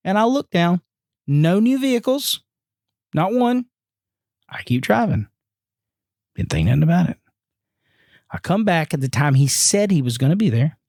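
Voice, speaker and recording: A man tells a story in a casual podcast chat and acts out each person he quotes. His pitch swings widely as he talks. The close mic sounds dry, with no room around it. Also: moderate pace, long pauses, dry recording. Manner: animated, acts out quoted voices with big pitch jumps. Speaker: podcast guest.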